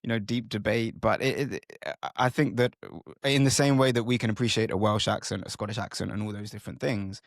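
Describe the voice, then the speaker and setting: A man's voice: lowish voice, steady tone, fairly quick, vocal fry, hardly any pauses, no echo, clean studio sound. Thoughtful man hosting a podcast. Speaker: podcast host. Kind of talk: conversational podcast interview.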